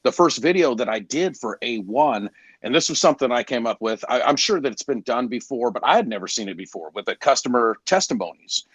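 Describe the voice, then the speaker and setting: A man's voice: mid-range voice, big pitch swings, brisk, fairly bright tone, husky, dry recording. A man in his forties, a garage door salesman, telling candid stories in a casual podcast chat and acting out the people he quotes. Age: 40s. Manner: candid, storytelling, quoting others in voices.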